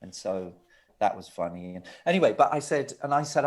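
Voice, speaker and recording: A man's voice: fairly low pitch, a little fast. Man telling studio stories. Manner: lively, laughing, with restarts and asides. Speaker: guest, record producer. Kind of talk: anecdotal interview storytelling.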